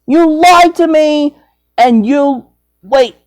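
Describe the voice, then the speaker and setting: A woman's voice: high voice, slow. A young woman acting out a playful toy role-play, switching between character voices in a rambling, swooping way.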